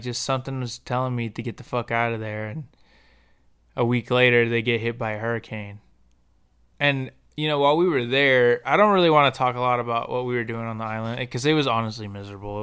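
A young man from the United States tells a personal story on his podcast. He speaks in a loose, profane, slangy way, and his voice is bright and smooth. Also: mid-range voice. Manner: profane, slangy, animated when quoting others. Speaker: podcast host.

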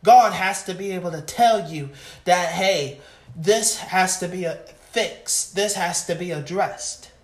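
Preacher going hard at the congregation, slow and fiery, echoey room. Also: mid-range voice. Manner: impassioned, calls out to the congregation. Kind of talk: sermon.

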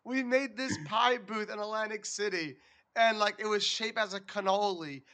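High pitched guy on a podcast, very dry sound, swearing and hyped while he tells a story. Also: normal speed, no echo. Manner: animated, profane storytelling. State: recovering from a lost voice. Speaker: podcast co-host. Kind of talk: casual chat.

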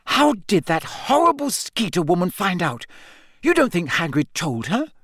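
Man voicing brainy teen girl, high, earnest, quick; dry storybook. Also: big pitch swings, fairly bright tone, no echo, exaggerated voice. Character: earnest, clever teenage schoolgirl.

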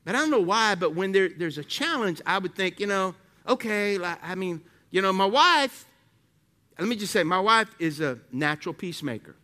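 Bright-voiced preaching pastor, a man. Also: high voice, normal speed. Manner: animated call-and-response preaching with rhetorical questions. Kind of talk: sermon.

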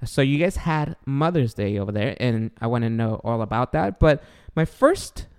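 A man's voice: mid-range voice, moderate pace, smooth. A man in his thirties with a Guatemalan accent, hosting a casual podcast chat and acting out voices as he tells stories. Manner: animated, acts out voices in anecdotes. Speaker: podcast host.

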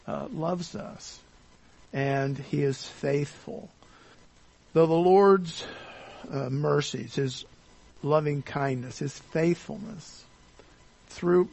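A pastor giving a sermon, speaking deliberately with frequent pauses, fillers and restated phrases. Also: male voice, medium pitch, creaky, a little mellow, breathy edge. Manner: halting, deliberate delivery with many uh fillers and restatements.

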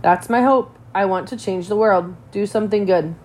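A woman's voice: mid-range voice, moderate pace, darkish tone, lightly acted. Woman reading as a stiff, formal boy genius. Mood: earnest. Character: formal, logical boy genius, earnest and precise.

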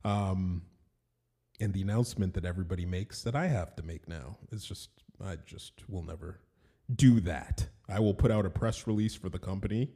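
A man's voice: sits low, a little fast, mellow, breathy edge. A man hosting his own podcast in a casual, rambling monologue, often laughing at himself. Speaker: podcast host and animation studio owner.

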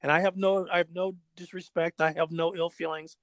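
A middle-aged man, a former pro skateboarder, telling stories in casual chat, animated and repeating words as he goes. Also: fairly high pitch, a little fast, dry recording. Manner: animated, acts out quoted dialogue, repeats words.

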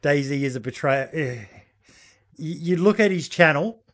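A man's voice: fairly high pitch, lively intonation, measured pace, a bit bright. A man with an Australian accent co-hosting a casual chat show, laid-back and sweary, rambling with fillers. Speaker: podcast co-host.

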